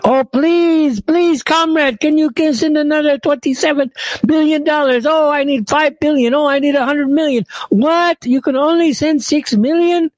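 Guy doing a high whiny begging official, pleading voice, dry sound. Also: normal speed, no echo, poor audio. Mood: whining. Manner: mocking, high whine.

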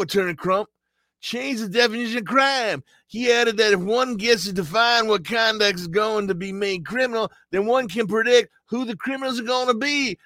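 A man's voice: no room sound, studio quality. A man putting on an exaggerated, mocking impression of a male lawyer. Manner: exaggerated, loud, high-pitched.

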